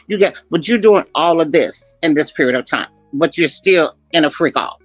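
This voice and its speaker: A man's voice: fairly high pitch, expressive, normal speed, hardly any pauses, no room sound, soft background music, low-quality recording. A male commentary host reacting skeptically to a clip, scoffing and repeating his points.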